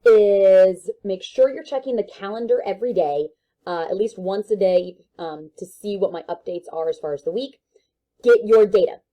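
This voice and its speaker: A woman's voice: medium pitch, moderate pace, mellow. A woman teacher giving a recorded online lesson, talking in a casual, joking way with many fillers.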